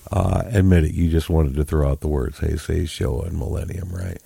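A man's voice: rumbling low, steady tone, a little fast, vocal fry, dark tone, breathy edge, no room sound. A man co-hosting a podcast, chatting casually about a movie with dry, wry remarks. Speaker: podcast co-host. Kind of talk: casual movie review chat.

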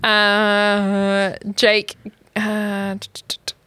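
A woman co-hosting a TV recap podcast, chatting playfully and excitably. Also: mid-range voice, very slow, clean tone. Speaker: podcast co-host. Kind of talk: casual chat.

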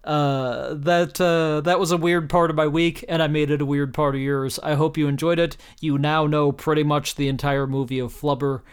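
Male solo podcast host, slightly high voice, animated and jokey, casual swearing. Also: moderate pace, hardly any pauses, clear, resonant tone. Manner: animated and jokey, breaks into loud mock outrage, swears casually. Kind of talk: solo podcast, reading out his own tweets.

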